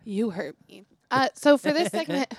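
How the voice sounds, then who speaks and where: A woman's voice: high voice, very animated, normal speed, dry recording. A young woman co-hosting a casual podcast, telling stories and acting out quotes with frequent laughter. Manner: chatty storyteller, acts out quotes, laughs often. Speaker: podcast co-host and teacher.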